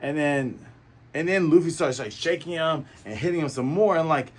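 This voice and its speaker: A man's voice: a little high, moderate pace. A man hosting a casual comic chapter review, rambling and playful, speaking to his viewers. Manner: rambling and playful, full of fillers and asides to viewers. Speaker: host of a manga review channel.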